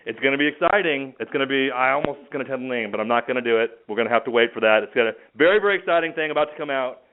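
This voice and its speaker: A man giving a driven, rapid business pitch on a conference call, teasing upcoming news. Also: smooth. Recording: tinny phone-line audio.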